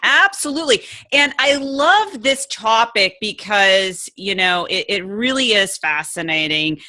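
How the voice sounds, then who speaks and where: A woman hosting a podcast in an enthusiastic, animated way. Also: medium pitch, a little slow. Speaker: podcast host.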